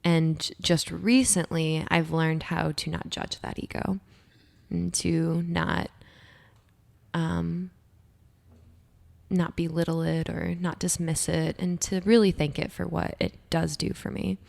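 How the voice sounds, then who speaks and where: A woman's voice: lowish voice, fairly even intonation, takes it slowly, vocal fry, darkish tone. A young woman co-hosting a podcast, talking candidly and emphatically and swearing freely in casual chat. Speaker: podcast co-host.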